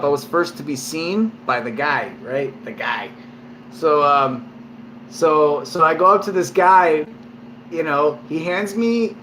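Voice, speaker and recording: A man a little drunk, talking to camera at home in a loose, meandering way. His voice sits somewhat high for a man, and he swears constantly as he tells a story. A faint hum of air conditioning runs underneath. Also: a bit bright. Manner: rambling and heavily profane, lots of fillers. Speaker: vlogger. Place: at home, indoors.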